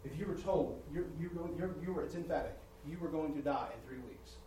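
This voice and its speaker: A man preaching a sermon, rising in volume and pitch as he presses his points and often repeating words. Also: brisk, mellow, a little hiss or hum. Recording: roomy church sound from a distant mic.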